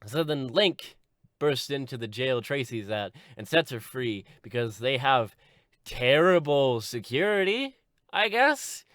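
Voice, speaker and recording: A man giving a deadpan, sarcastic comedic plot recap as a video host. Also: unhurried, no room sound, clean studio sound. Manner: deadpan sarcastic, lively swings in pitch.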